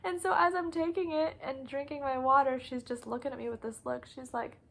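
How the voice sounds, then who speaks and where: A woman's voice: high voice, fairly even intonation, brisk, creaky, a bit bright, rough recording. A young woman who teaches preschool, casually telling classroom stories in a vlog, often laughing. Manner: chatty, laughs often, acts out kids' voices.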